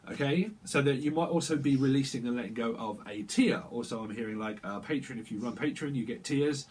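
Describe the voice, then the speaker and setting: A man's voice: mid-range voice, slightly rough, low-quality recording. A man giving a casual, rambling tarot reading, chatty and prone to breaking into snatches of song. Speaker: tarot reader.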